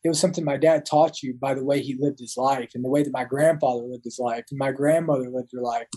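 A man's voice: mid-range voice, fairly even intonation, fast talker, dark tone, rough recording. A man in his thirties, a Marine veteran, talking as a guest in an interview, often restarting and repeating words. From United States. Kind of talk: casual interview talk.

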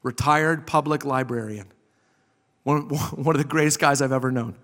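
A man preaching a sermon as pastor, impassioned, swinging from loud emphasis to a soft hush. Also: mid-range voice, fairly even intonation, normal speed. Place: church sanctuary. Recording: long hall reverb.

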